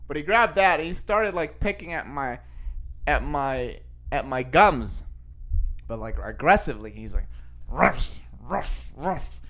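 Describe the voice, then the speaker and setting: A man's voice: mid-range voice, expressive, moderate pace, fairly bright tone. A young man hosting a podcast, telling a rambling, self-mocking story in a casual monologue full of fillers and restarts. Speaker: podcast host.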